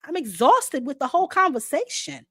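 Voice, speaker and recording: A woman's voice: high-pitched, animated, moderate pace, fairly bright tone, dry recording, clean studio sound. A woman hosting a live boxing talk stream, blunt and sassy, with a sore throat and a voice that is going. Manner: blunt, sassy, talks back to chat. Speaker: boxing show host.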